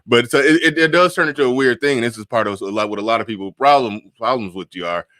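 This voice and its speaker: A man hosts a casual livestream, circling his points with stops, restarts and fillers. His voice sits at an everyday pitch for a man. The sound is dry and close, with no room echo. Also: quick pace, a bit bright. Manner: rambling, many restarts and fillers. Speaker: host. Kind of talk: casual livestream talk show.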